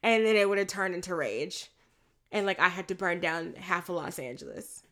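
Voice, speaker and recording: A woman in casual chat recapping a film, animated and profane, acting out the characters' lines as she goes. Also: lowish voice, moderate pace.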